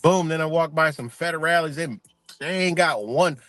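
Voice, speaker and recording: Casual male streamer, slightly high voice, swearing and rambling, dry close mic. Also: normal speed, fairly bright tone, no room sound. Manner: profane, rambling, emphatic storytelling. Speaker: live streamer. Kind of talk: casual ranting monologue.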